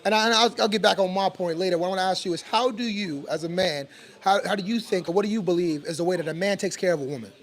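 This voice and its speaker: Man, high voice, podcast host in a barbershop; loose, joking, laughs easily. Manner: joking, rambling, quick to laugh. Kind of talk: casual chat.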